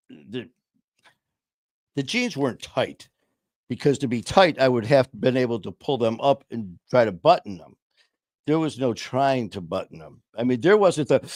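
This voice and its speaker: A man's voice: medium pitch, dry recording, studio quality. A man from Detroit hosting a podcast, telling jokey stories about himself in a casual chat, laughing at his own punchlines. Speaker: podcast host.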